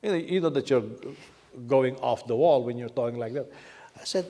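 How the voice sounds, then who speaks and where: A man pastor from the Philippines preaching a sermon, animated, with many repetitions and rhetorical questions. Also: medium pitch, moderate pace.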